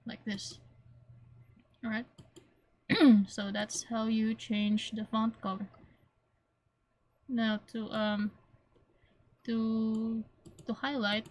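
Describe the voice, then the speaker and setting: A woman talks through a software lesson in an even, level voice that barely rises or falls. She explains each step plainly and circles back to repeat points, pausing now and then to clear her throat. A faint hum and soft mouse clicks sit under her voice. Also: a little high. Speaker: teacher. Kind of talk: screen-recorded software tutorial.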